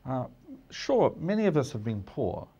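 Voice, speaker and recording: Middle-aged New Zealand man, studio pundit, measured and emphatic, mid pitch. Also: sing-song, mellow, breathy edge, muffled recording. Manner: measured, emphatic, with frequent restarts. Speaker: political commentator guest. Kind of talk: studio discussion.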